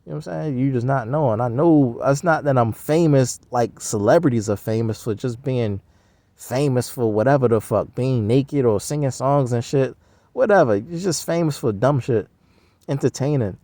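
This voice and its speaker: A man's voice: mid-range voice, normal speed, mellow, no echo. A man rambling in a profane, slangy casual monologue. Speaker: vlogger.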